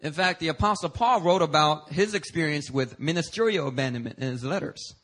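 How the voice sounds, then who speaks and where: Preaching with a fairly high voice and a slightly fast pace, this pastor from Korea keeps his sermon lively and conversational. He shifts from loud emphasis to soft asides and laughs at times as he shares personal stories.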